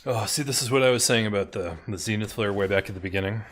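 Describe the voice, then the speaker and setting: A man's voice: fairly low pitch, fast talker, slight background noise. A man casually commenting on his own card game as he plays, muttering and laughing at his mistakes. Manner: muttering, self-deprecating, laughs at own misplays. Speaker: streamer playing a card game.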